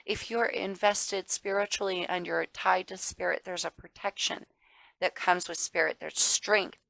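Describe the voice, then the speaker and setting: A woman's voice: fairly low pitch, fairly even intonation, measured pace, creaky, fairly bright tone, no room sound, rough recording. A woman giving a casual tarot reading to viewers. She talks emphatically, calls the listener darling and baby, swears now and then, and gets worked up. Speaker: tarot reader.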